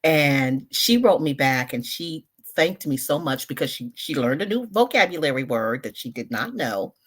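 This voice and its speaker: Guest: woman in her sixties, low voice, thoughtful and emphatic. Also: lively intonation, normal speed, a bit bright, breathy edge. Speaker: guest, social media word educator. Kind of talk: conversational interview.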